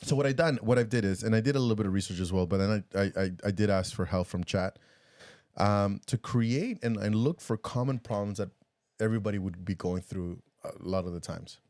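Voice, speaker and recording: Male podcast co-host, low voice, animated and rambling, laughs a lot; dry studio sound. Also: brisk, dry recording. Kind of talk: casual chat.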